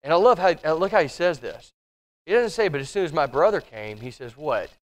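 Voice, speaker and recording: A fairly high-voiced man leads a church Bible study, talking it through conversationally. He stops to read scripture aloud, then explains it, often repeating words and restarting. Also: big pitch swings, brisk. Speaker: Bible class teacher. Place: church classroom.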